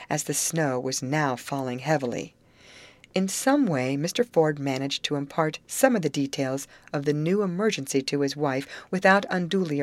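A woman narrating a storybook chapter in an even, measured manner. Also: deep voice, dry recording. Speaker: audiobook narrator. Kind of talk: scripted narration.

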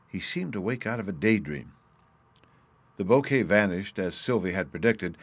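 A man reads an old storybook in a steady, unhurried way. His voice sits low, and the sound is dry and close, with no room around it. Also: no echo. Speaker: audiobook reader. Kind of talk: scripted narration.

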